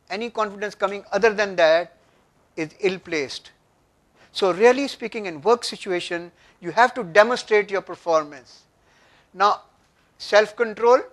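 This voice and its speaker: Older indian guy lecturing a workshop, punchy, high-pitched for a man. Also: fairly bright tone. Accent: Indian English. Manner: emphatic, asks the audience questions. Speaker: workshop speaker. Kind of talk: motivational lecture. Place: conference room.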